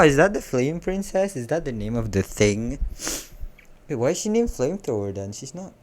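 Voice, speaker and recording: A man's voice: fairly low pitch, a little mellow. A young man casually reading a fan story aloud, stumbling over words and stopping for joking asides. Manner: reads haltingly, stumbles and corrects himself, joking asides. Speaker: fanfic reader. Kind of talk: casual read-aloud with commentary.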